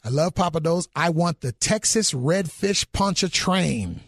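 Man, middle-aged, gravelly husky voice, lively swooping delivery, dry close sound. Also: fairly high pitch, a little slow, no room sound. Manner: animated, exclaiming about food. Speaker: guest. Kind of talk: enthusiastic interview chat.

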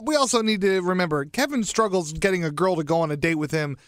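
A man co-hosting a morning radio show in a studio, teasing and animated as he tells stories. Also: high-pitched, fast, no echo. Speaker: radio co-host.

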